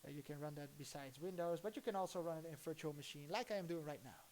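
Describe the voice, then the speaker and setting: Low and slightly mellow, this Dutch-accented woman's voice comes through with a bit of background noise. Working on a computer during her live stream, she offers casual commentary, rambling and thinking out loud, often restarting her sentences.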